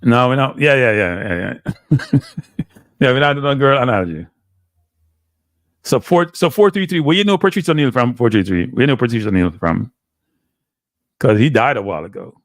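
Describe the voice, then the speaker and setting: A man's voice: medium pitch, animated, brisk, pauses often, dry recording. Rambling Jamaican man hosting a live stream. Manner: rambling and exasperated, slipping into patois. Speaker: live show host. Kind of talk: casual live-stream rant to chat.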